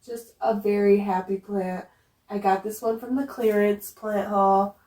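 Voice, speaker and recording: A woman vlogger gushes over her houseplants, repeating her praise with warm enthusiasm and a faint regional accent that comes and goes. She sits a little back from the mic, so her voice carries the echo of the room around her. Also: mid-range voice, fairly even intonation, measured pace. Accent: some regional accent that slips in. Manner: gushing, enthusiastic, fond of repeating words. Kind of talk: casual chat. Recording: roomy echo, distant from the mic.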